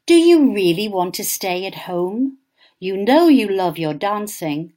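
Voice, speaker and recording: A woman's voice: medium pitch, very animated, a little slow. A woman voicing a patient mother coaxing her daughter in a children's poem. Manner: coaxing, gently insistent.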